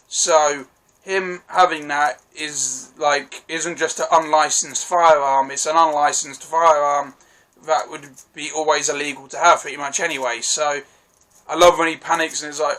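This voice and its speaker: A man's voice: on the high side, fairly bright tone, poor audio. A man gives a casual, rambling and enthusiastic spoken review of a TV episode, often correcting himself mid-sentence. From United Kingdom. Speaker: TV review vlogger.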